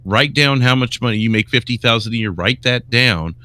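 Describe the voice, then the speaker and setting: A man's voice: mid-range voice, a little fast, bright, forceful tone. A man co-hosting a podcast, blunt and profane, explaining money tips in a casual way. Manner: blunt, profane, gives practical advice. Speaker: podcast co-host.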